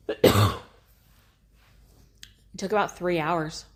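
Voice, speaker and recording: A woman's voice: low-pitched, very slow. A woman in her thirties co-hosting a podcast, telling a personal story casually, swearing freely and laughing as she goes. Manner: animated, swears freely, laughs while recounting. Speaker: podcast co-host.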